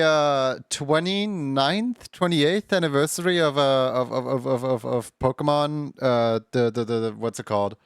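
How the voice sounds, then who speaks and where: A man's voice: mid-range voice, moderate pace, hardly any pauses, clear, resonant tone, no room sound, clean studio sound. A man hosting a live stream in casual chat, often stumbling over repeated words and laughing between thoughts.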